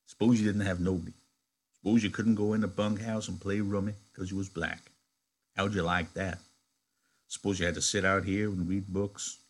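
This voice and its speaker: A man's voice: level tone, moderate pace, husky. A man doing a lonely, brooding old stable hand. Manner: low, quiet and brooding. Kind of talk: reading a novel aloud in a lesson.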